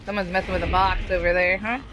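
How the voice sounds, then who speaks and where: A woman's voice: on the low side, level tone, fast. A woman streamer giving casual gameplay commentary, swearing and taunting the other players. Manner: profane trash-talking, taunting opponents. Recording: noisy background.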